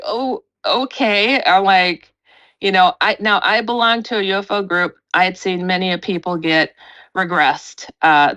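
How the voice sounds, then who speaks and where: A middle-aged woman, a paranormal researcher and radio host, telling a story in an animated way, acting out quotes with big jumps in pitch.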